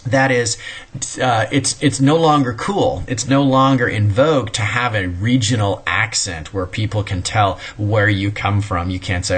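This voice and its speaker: A Midwestern American man delivers a recorded history lecture conversationally, drifting into asides and correcting himself along the way. His lowish voice moves at normal speed, sounding a bit bright with a breathy edge.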